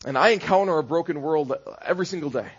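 A man's voice: a little high, fast talker, slightly rough, highs cut off. A man preaching a sermon as pastor, conversational, building into rhythmic repeated phrases.

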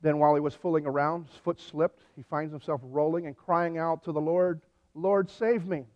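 A man preaches a sermon in a relaxed, conversational way, slipping in dry jokes and telling stories with animation. His voice sits a little high for a man. The sound is dull and lo-fi, with a long reverb from a large hall. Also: fairly quick. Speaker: pastor.

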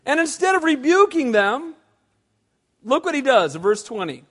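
Male pastor, sermon, high voice, lively, long hall reverb. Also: moderate pace. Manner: animated, asks the crowd questions.

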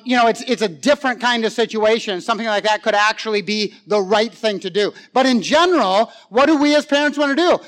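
High-voiced man preaching a sermon. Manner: conversational, with frequent fillers and audience questions; swings from loud animated stretches to hushed, quiet emphasis. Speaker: pastor.

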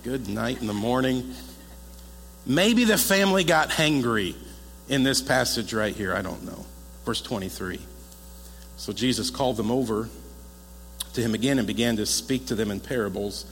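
A man preaching a sermon as a pastor, talking in a lively, conversational way and joking with the congregation. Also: fairly low pitch, a little fast. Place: church hall. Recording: echoey hall with faint mains hum.

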